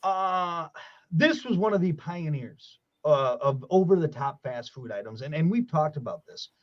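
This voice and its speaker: A man with a high voice hosts a morning radio show from a studio mic, bantering in an animated, jokey way. He swings between loud bursts and soft asides. The sound is a bit muffled and dull, like slightly lo-fi radio audio. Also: normal speed.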